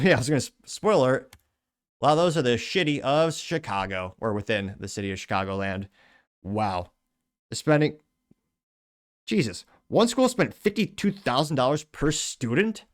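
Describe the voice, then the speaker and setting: Blunt, sarcastic male show host. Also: medium pitch. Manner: blunt, sarcastic, quick asides. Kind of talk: casual commentary reading viewer comments.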